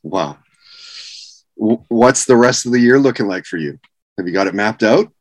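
A man's voice: lowish voice, animated, normal speed, dry recording, rough recording. A man hosting a casual interview, loose and swearing casually. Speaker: podcast host.

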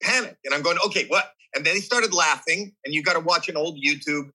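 In poor audio, a man in his sixties with a slightly high voice talks fast as an interview guest. He tells a story with animation, acting out voices and reactions, and often restarts and repeats words in this candid storytelling conversation.

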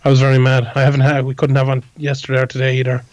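A man's voice: medium pitch, completely flat delivery, racing, no room sound. A man co-hosting a podcast, talking bluntly and rambling, swearing freely. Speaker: podcast co-host. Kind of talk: casual podcast chat.

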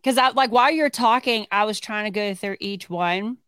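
Woman podcast co-host, smooth clear voice, rambles and restarts, dry close mic. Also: mid-range voice, moderate pace, fairly bright tone, dry recording. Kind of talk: casual chat.

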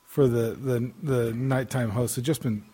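A man's voice: medium pitch, steady tone, dark tone, slightly rough. A man co-hosting a casual podcast, reading odd news stories aloud with stumbles and restarts. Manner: halting, many restarts, laughs at stories. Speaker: podcast co-host.

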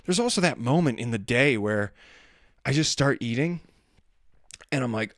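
A man's voice: mid-range voice, animated, moderate pace, long pauses, dry recording, studio quality. A man telling rambling, self-deprecating stories about family life in a casual monologue. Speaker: father talking about daily life.

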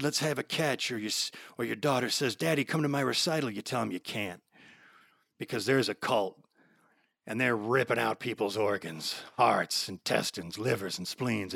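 A man's voice: mid-range voice, normal speed, gravelly, a bit bright, no room sound, studio quality. A man playing a weary old male adventurer who solemnly warns a young man, in a comic improvised monologue. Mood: grave, fatherly. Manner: solemn, fatherly warning.

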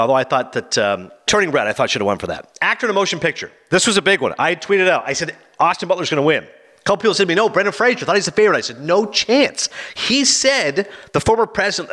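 A man's voice: fairly high pitch, a bit bright. A man riffing in casual, opinionated chat about award winners, acting out quotes in funny voices. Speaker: film commentator.

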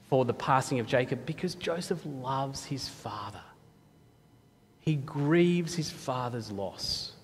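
A man's voice: fairly high pitch, breathy edge, long reverb tail. A man preaching a sermon in a reflective, conversational teaching manner. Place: church.

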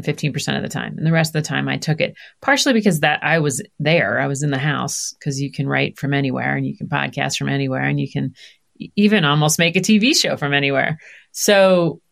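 A woman's voice: low-pitched, gravelly. A woman in her fifties, a podcast guest talking candidly in conversation and acting out the voices of family members. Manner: animated, acts out quoted voices.

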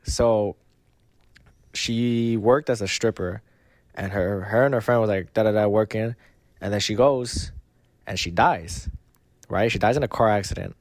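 A young man chatting on a podcast, retelling a story in a lively, slangy way, swearing often and acting out what people said. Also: on the low side, a little slow, long pauses, no room sound. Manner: animated, slangy, swears a lot, acts out quotes. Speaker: podcast co-host. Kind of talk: casual chat, storytelling.

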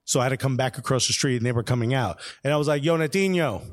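A man from Brooklyn, co-hosting a casual soccer chat show, telling stories in an animated, slangy way and laughing often. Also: medium pitch, racing. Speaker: show co-host.

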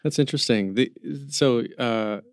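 A man's voice: mid-range voice, a little slow, no echo, studio quality. A man hosting an interview, giving short, encouraging prompts and asking the guest questions. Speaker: podcast host. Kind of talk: casual interview.

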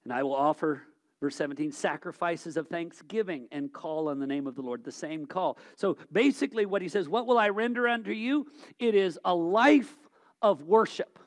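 A male preacher with a high-pitched voice delivers a sermon. He swings from loud, emphatic exhortation to quiet, reflective passages. He often stumbles and repeats words as he thinks aloud. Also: moderate pace.

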